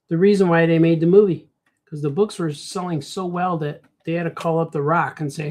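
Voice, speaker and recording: Rambling Chicago cartoonist. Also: male voice, on the high side, moderate pace, a little mellow. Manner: rambling, talks to himself, says "man" a lot. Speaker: cartoonist streaming while drawing. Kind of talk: casual livestream chat while drawing.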